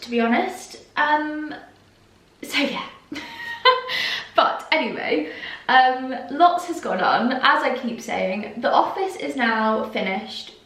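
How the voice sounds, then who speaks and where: A woman's voice: fairly high pitch, fairly bright tone. A young woman chatting casually to camera at home as a vlogger, gushing and a little emotional. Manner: chatty, gushing, slightly tearful at times. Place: at home indoors. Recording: echoey room, a bit far from mic.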